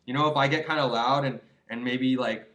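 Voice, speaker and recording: A man's voice: medium pitch, fairly even intonation, a little fast, a bit bright. A young man in his twenties giving rambling, earnest advice to his viewers in a casual vlog, full of restarts and "you know"s. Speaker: vlogger. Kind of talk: casual advice monologue to camera.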